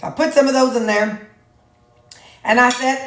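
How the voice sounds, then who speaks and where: A woman's voice: high-pitched, fairly even intonation, a little slow, slight background noise. A middle-aged woman chatting casually to camera in her home kitchen, folksy and teasing. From Missouri. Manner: chatty, folksy, teasing, sings snatches to herself. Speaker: vlogger. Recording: roomy echoey kitchen.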